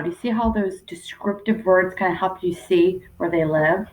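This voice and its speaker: A woman teacher giving a remote writing lesson to young children, speaking slowly and sounding out each word as she writes, recorded on a computer microphone. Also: on the low side, darkish tone. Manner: slow and deliberate, sounding out words while writing. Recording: roomy echo.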